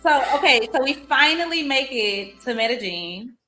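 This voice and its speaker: A woman host in casual interview chat, reacting quickly and asking follow-up questions. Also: high-pitched, lively intonation, bright, forceful tone, faint music behind. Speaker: podcast host.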